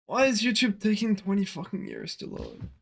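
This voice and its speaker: Casting: blunt, casual man streamer, gravelly, slightly high voice. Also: wildly swooping pitch, normal speed, a bit bright. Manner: blunt, swearing, reacting to clips. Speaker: speedrun streamer.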